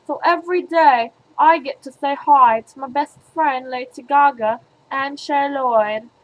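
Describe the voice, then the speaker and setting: Young woman, vlogger, high-pitched, slow and drawn out, silly casual chat, playful. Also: muffled recording. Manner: playful, goofy, bickers with herself.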